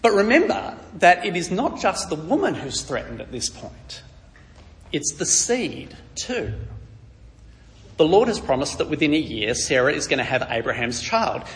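A man preaching on a Bible passage in a lively, storytelling manner, dropping in wry asides. His voice sits a touch high and swings widely in pitch. A long reverb trails after him in the hall. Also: normal speed. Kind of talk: conversational Bible teaching.

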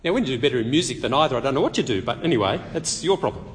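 A man preaching a sermon, telling the story lively and acting out the quotes. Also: mid-range voice, racing, big-room sound.

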